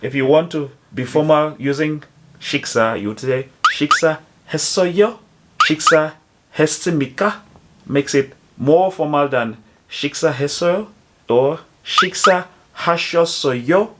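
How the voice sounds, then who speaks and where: A man explaining phrases to foreigners in a slow, careful teaching manner, spelling out each example. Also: a little high, very noisy. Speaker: language teacher.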